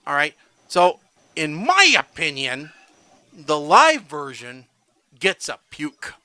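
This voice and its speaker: A man's voice: a little high, wildly swooping pitch, takes it slowly, sharp tone, no room sound. A man co-hosting a casual podcast, ranting and tagging his points with "all right?". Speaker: podcast co-host.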